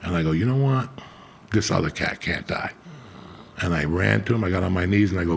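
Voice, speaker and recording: A man's voice: low-pitched, quick pace, vocal fry. A middle-aged man telling a blunt, profanity-heavy personal story in casual chat as a podcast host.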